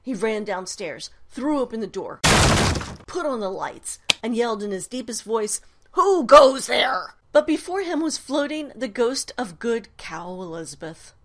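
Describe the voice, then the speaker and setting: A woman reading a children's story aloud in an expressive, sing-song storytelling manner. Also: a little high, moderate pace, a little hiss or hum.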